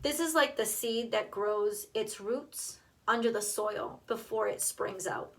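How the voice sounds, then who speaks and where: A woman's voice: mid-range voice, measured pace, recorded from a distance. A woman doing a tarot card reading, talking straight to the viewer, emotional and blunt, swearing freely. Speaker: tarot reader.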